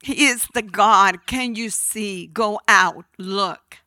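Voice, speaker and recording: A woman preaching a sermon, slow and emphatic, sometimes dropping her voice almost to a whisper. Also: mid-range voice, pushed and bright, no echo.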